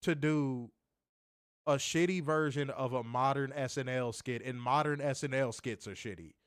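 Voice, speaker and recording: A man co-hosts a wrestling review, chatting casually in a sarcastic, exasperated way and often restarting his sentences. His voice is mid-range, smooth and at a normal speed, captured in a dry, studio-quality recording.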